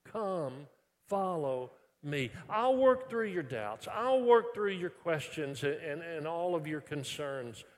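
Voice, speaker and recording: A man from Texas, preaching a sermon in a lively, conversational way with frequent restarts, dropping soft when quoting scripture. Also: on the high side. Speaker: pastor. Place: large church worship center. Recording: long reverb of a large hall.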